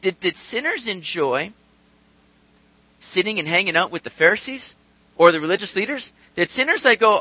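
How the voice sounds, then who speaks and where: Lively, bright-voiced man preaching. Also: high-pitched, normal speed, dry recording, rough recording. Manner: animated, acts out quoted voices, rhetorical questions. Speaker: pastor. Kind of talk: sermon.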